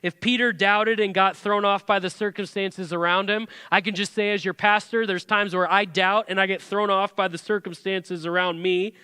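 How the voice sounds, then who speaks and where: A man's voice: high voice, fairly even intonation, normal speed, hardly any pauses, bright, forceful tone, smooth, no echo, clean studio sound, long reverb tail. A man, a pastor preaching a sermon in a church sanctuary, talking conversationally with many rhetorical questions.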